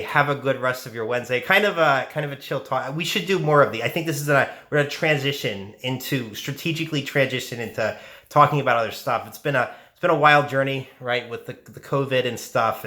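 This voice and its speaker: Bright-voiced man rambling on a podcast. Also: mid-range voice, brisk. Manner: rambling, full of restarts and asides. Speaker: podcast host. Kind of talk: casual solo podcast monologue.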